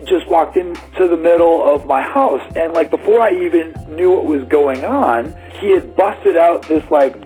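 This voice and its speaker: A man's voice: a little high, a little slow, hardly any pauses, dark tone, soft background music, rough recording. A man telling a personal story in a casual, rambling way, full of fillers and acted-out quotes. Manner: rambling, many "like"s, acts out quotes.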